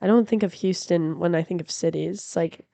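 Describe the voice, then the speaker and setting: A woman chatting as a podcast guest in a house, animated and blunt, swearing freely. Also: lowish voice, normal speed, creaky, dry recording. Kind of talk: casual chat.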